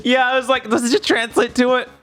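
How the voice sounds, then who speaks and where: A man's voice: very high-pitched, flat delivery, fast talker, a bit bright, faint music behind. A man bantering in laid-back chat during a gaming stream.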